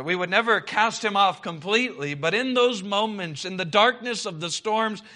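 A male preacher with a bright, forceful, somewhat high voice. He speaks slowly and deliberately, building to loud cries and sinking to hushed lines as he reads scripture. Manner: preaching with dramatic rises and hushed drops; reads scripture in old-fashioned wording. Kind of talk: sermon.

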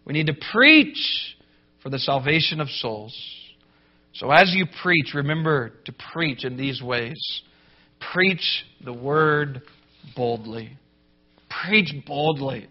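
A man's voice: expressive, slow pace. Emphatic male preacher, dull lo-fi sound. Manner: emphatic, swings from loud declarations to low, grave asides. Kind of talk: sermon to pastors.

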